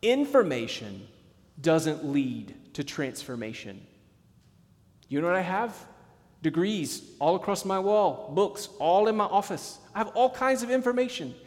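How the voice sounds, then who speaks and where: A middle-aged male pastor preaching a sermon, passionate, swinging between emphatic bursts and hushed, slowed lines. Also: sits high, big pitch swings, big-room sound.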